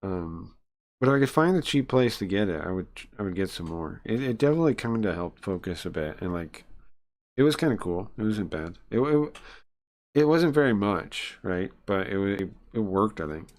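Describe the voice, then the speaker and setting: A man's voice: lowish voice, lively intonation, normal speed, a little mellow. Rambling man reading a game on stream. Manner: rambling, many filler ums, reads game text and chats between. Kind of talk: casual live-stream chat and read-aloud.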